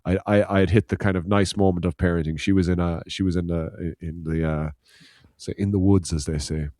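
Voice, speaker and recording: A man's voice: sits low, steady tone, fairly quick, dark tone, dry recording, studio quality. A man from Ireland, a podcast co-host, telling a rambling anecdote in casual chat, laughing and swearing as he goes.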